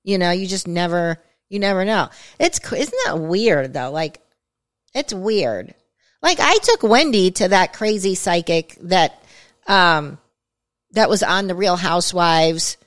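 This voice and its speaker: A woman's voice: fairly low pitch, lively intonation, measured pace. A woman co-hosting a podcast in casual chat, talking in a chatty way with many fillers and asides. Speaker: podcast co-host.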